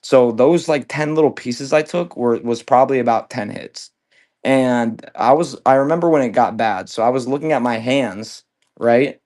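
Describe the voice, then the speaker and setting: A livestream seller with a mid-range, darkish-toned voice tells a long story at a moderate pace. His casual storytelling chat is laid-back and rambling, packed with swearing and fillers.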